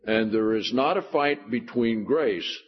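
Slow and husky, a man delivers Bible teaching in a mid-range voice, stressing his points and asking sarcastic rhetorical questions. It comes through a muffled, lo-fi recording.

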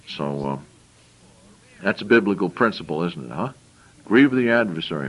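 A man's voice: sits low, expressive, moderate pace, breathy edge, low-quality recording. Man preaching, scripture and plain asides. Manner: reads verses aloud, then explains in plain conversational asides; repeats words and restarts phrases while thinking aloud. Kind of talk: sermon with scripture reading.

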